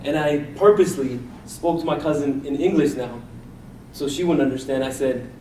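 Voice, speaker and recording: A man's voice: fairly high pitch, normal speed, darkish tone, slight background noise. A man from India telling a personal story as a contest speech, acting out the people in it. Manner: personal anecdote with acted-out quotes. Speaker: contest speaker. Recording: echoey room from a distance, faint ambience.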